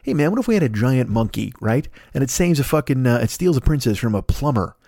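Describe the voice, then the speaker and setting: A man's voice: mid-range voice, sing-song, quick pace, gravelly, warm tone, dry recording, studio quality. A man hosting a podcast, rambling through a profane late-night comedy rant and laughing at his own jokes. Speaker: podcast host.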